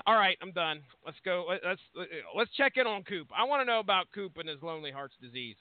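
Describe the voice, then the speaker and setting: Thirties male co-host, high voice, rambling and profane, tinny dry line. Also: expressive, brisk, no room sound. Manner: rambling, swears freely. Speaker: podcast co-host. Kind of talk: casual profane chat.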